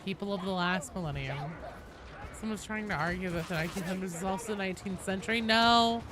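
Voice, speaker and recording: A woman's voice: mid-range voice, fairly quick. A young woman streaming a game, chatting casually with her chat, answering viewers and swearing now and then. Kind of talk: casual live-stream chat while gaming. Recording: steady background noise behind voice.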